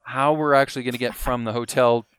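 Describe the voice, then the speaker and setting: A man telling a long story on a podcast in a casual, animated way, acting out what others said and laughing as he goes. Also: mid-range voice, quick pace, clean tone, no room sound, studio quality. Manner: animated, acts out quotes, laughs mid-story.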